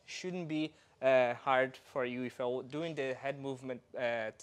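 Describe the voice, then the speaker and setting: A man's voice: medium pitch, measured pace, smooth. A man from Brazil, a dance teacher explaining moves step by step while demonstrating. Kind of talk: instructional dance lesson.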